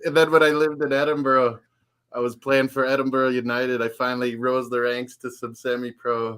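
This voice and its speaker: A man's voice: mid-range voice, flat delivery, normal speed, a bit bright, clear, resonant tone. A Canadian man co-hosting a casual football chat, joking and laid-back.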